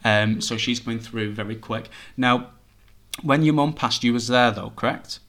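A man's voice: medium pitch, moderate pace, fairly bright tone. A man working as a psychic medium, talking chattily and reassuringly as he relays messages to a sitter. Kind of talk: reading for a sitter.

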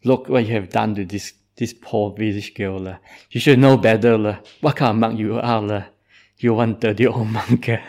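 A man voicing furious village parents who shout accusations in a high, raised voice during a spoken story. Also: steady tone, moderate pace, lightly acted. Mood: scolding. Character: furious scolding village parents, shrill and outraged.

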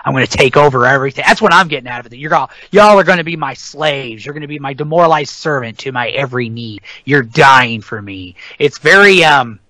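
Middle-aged man, podcast co-host, rambling profane rant, bright forceful tone, dry close sound. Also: fairly high pitch, animated, a little fast, hardly any pauses, dry recording, low-quality recording. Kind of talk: casual chat about metal albums.

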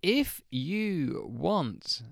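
A man co-hosting a podcast, wrapping up the episode in a relaxed, rambling way. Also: on the high side, extremely slow, gravelly, no echo, studio quality. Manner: relaxed, rambling sign-off with fillers. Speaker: podcast co-host. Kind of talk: casual chat.

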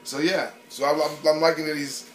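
A man in casual basketball chat, animated and swearing, often acting out players' voices. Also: fairly high pitch, a little fast, roomy sound, slight background noise.

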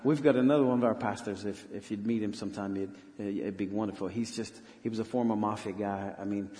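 A man serving as a missionary pastor, telling a story in an earnest, halting way with many restarts during a church interview. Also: lowish voice, steady tone, dark tone. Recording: long hall reverb.

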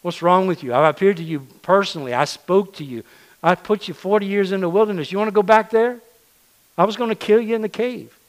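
Stern, exasperated male God scolding his prophet, loud and pitched up as a preacher puts him on, firing rhetorical questions. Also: big pitch swings, normal speed, hardly any pauses.

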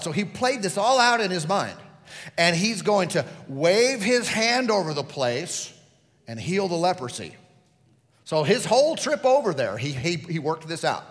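A man's voice: sits high, very animated, unhurried, fairly bright tone, long reverb tail. A male pastor preaching a sermon, telling the story vividly and putting questions to the congregation.

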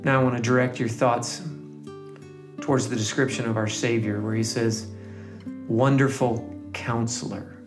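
A man leading a reflective scripture meditation in a soft, gentle voice that lingers on single words. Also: mid-range voice, flat delivery, moderate pace. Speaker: devotional leader. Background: guitar music.

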